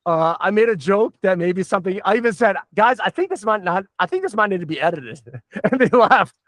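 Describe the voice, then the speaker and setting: A middle-aged man from the Southern United States hosting a casual podcast, rambling and swearing excitably. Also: high voice, fairly quick, no echo, studio quality. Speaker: podcast host.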